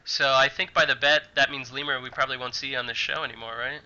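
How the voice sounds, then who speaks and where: Male host, from New York, gravelly fry, forceful bright edge, jokey casual chat, dull lo-fi audio. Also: medium pitch, fairly even intonation, fast talker. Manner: jokey, laughs easily, gives results and sign-offs. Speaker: host of a card game league show.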